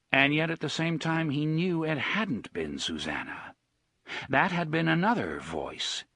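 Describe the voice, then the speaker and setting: A male audiobook narrator with a husky voice and a lively, rising and falling delivery. He reads expressively, recorded close and dry with no room sound. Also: mid-range voice, no room sound. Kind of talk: scripted narration.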